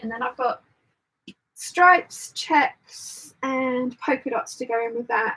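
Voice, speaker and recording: Woman, fairly high voice, gravelly and husky, rambling live stream chat, thinks aloud, answers viewers. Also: a bit bright, poor audio. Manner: chatty and rambling, thinks aloud while sewing; reads out and answers viewer comments. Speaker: sewing channel host.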